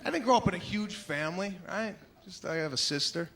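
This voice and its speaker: Man, stand-up comedian, very high voice, animated, acts out characters, audience noise behind. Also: brisk. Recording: live show with audience noise.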